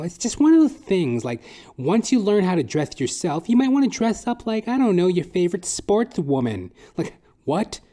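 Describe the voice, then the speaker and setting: A man hosting a comedy podcast, rambling and swearing through a solo monologue. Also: warm tone. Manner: profane, rambling, jumps into high silly voices. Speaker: podcast host.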